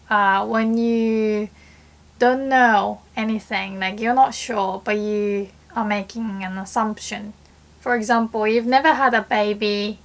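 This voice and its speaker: A young woman teaching a casual Japanese lesson in English, chatty, acting out example phrases with lively shifts in her voice. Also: mid-range voice.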